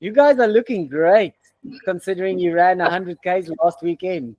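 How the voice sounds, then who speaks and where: A man interviewing runners for a race event, relaxed and full of fillers. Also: sits high, moderate pace, no room sound. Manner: relaxed, hesitant with many fillers. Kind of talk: casual interview. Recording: dull lo-fi sound.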